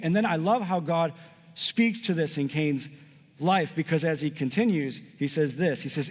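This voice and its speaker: A pastor preaching a sermon with emphatic delivery, swinging between raised and hushed passages. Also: male voice, fairly high pitch, animated, normal speed. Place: church sanctuary. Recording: long hall reverb.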